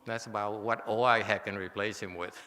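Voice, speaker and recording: A man's voice: lowish voice, fairly even intonation, moderate pace, sharp tone. A man who is a Buddhist monk giving a Dharma lecture, emotional and joking, with many restarts. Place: temple lecture hall. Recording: long hall reverb.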